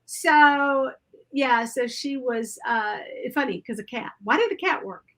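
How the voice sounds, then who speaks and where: A woman's voice: high-pitched, unhurried, fairly bright tone. A woman chatting casually as a craft show host, rambling through a story and acting out the quotes. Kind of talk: casual chat.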